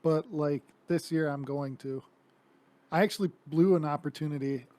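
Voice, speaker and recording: A man's voice: fairly high pitch, normal speed, a little mellow, no room sound. A man talking as a guest on a podcast in easygoing casual chat, often trailing off mid-thought.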